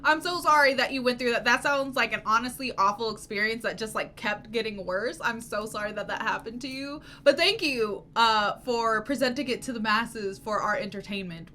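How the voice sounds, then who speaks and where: Bright, high-voiced young woman swearing casually. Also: moderate pace, few pauses, a little hiss or hum. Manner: swearing, self-mocking storyteller. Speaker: reaction channel host. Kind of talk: casual reaction commentary.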